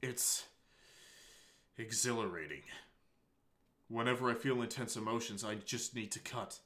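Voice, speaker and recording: A shy, anguished teenage girl, read by a man in a tearful, halting confession, her lines a touch higher. The voice stays bright and tense as she pleads and breaks, read straight from a visual novel. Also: close to an everyday voice. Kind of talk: reading a visual novel aloud.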